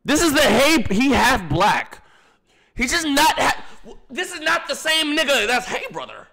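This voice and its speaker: A man live-streaming, reacting in loud, incredulous outbursts. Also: very high-pitched, very animated, unhurried, vocal fry.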